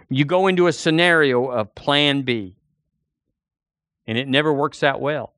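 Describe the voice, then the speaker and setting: A man preaching a sermon in church, animated and acting out a doubter's inner voice. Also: mid-range voice, measured pace, long pauses, no echo, clean studio sound. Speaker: pastor.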